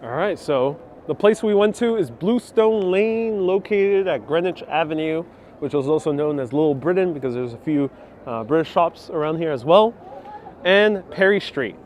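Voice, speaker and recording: A man's voice: on the high side, expressive, moderate pace, a little mellow, slight background noise. A man hosting a live walking tour, chatting casually as he strolls outdoors on a city street with a clip-on mic. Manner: chatty, easygoing, talks while strolling and reads viewer comments. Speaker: walking-tour livestream host. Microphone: wireless clip-on mic.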